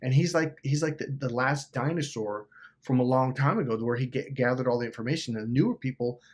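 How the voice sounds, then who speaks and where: In a mid-range voice and at a fairly quick clip, a man hosting a self-help video narrates something personal. His manner is animated and profane, rambling along with plenty of fillers.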